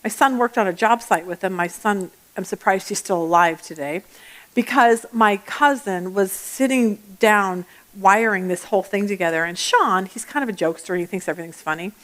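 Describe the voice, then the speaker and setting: A woman teaching a Bible study lesson in a chatty, animated way, telling personal stories and often restarting her sentences. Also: medium pitch, normal speed. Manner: acts out everyday voices mid-talk.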